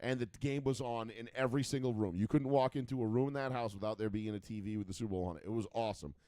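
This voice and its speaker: Speaking quickly in a medium-pitched voice with a dark tone, this radio co-host in his thirties spins rambling, swear-filled stories with lots of fillers on a call-in sports show. The studio-quality recording has no room sound.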